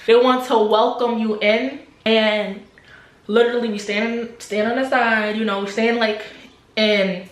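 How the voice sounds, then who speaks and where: A young adult woman talks straight to camera in a loose, animated vlog style. She repeats herself for emphasis and at times drops almost to a whisper. Her slightly high voice rings in a reverberant room with a faint hiss behind it. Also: unhurried. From New Jersey, USA. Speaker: vlogger. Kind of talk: casual storytelling to camera.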